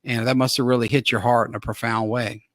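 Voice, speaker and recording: A man's voice: medium pitch, flat delivery, fast, no room sound. A man hosting a small-town live interview show, chatty and friendly, often chiming in with short replies. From Louisiana. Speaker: host.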